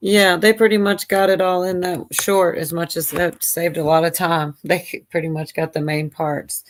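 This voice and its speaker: A woman's voice: on the low side, flat delivery, moderate pace, a little hiss or hum. Rambling chatty woman hosting a livestream. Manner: rambling, chatty, self-deprecating. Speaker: livestream host. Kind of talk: casual livestream chat.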